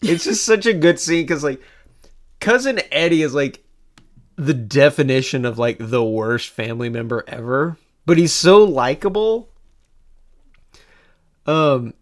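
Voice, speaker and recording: A man chats casually as a podcast co-host, walking through a movie scene. He talks in an animated, rambling way, jumping up in pitch for emphasis and restarting his sentences. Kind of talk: casual chat.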